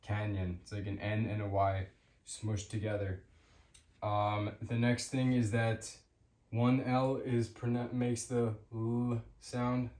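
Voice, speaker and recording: A man giving a casual spoken language lesson, hesitant with many fillers, repeating example words slowly. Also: fairly low pitch, warm tone, roomy sound. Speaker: language teacher.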